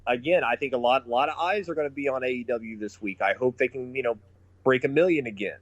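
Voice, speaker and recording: A man's voice: mid-range voice, fast, dry recording, muffled recording. A man co-hosting a casual podcast, swearing freely and laughing as he retells funny moments. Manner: excitable, swears a lot, laughs while retelling. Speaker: podcast co-host. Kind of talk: casual profane chat.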